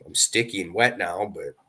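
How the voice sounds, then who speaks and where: Low guy, punchy bright voice, cussing his way through a story. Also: slightly rough. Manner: animated, profane storyteller. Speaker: podcast panelist. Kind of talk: casual chat.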